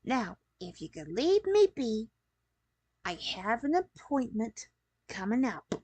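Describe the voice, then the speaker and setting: A woman voicing a brooding, secretive male hedgehog as she reads a game's dialogue aloud, slow and clipped, stumbling over her words. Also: fairly high pitch, big pitch swings, a little mellow, slightly rough, no room sound, pitched below the performer's own voice, exaggerated voice. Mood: guarded. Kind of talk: reading game dialogue aloud.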